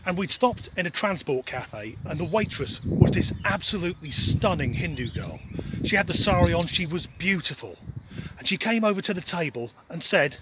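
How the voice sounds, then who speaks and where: A man's voice: high voice, sing-song, moderate pace, background noise. A middle-aged Englishman from Norfolk with a generic Southern English accent, giving a blunt, sweary, sarcastic opinion monologue outdoors. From Norfolk, England. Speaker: vlogger. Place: outdoors, windy.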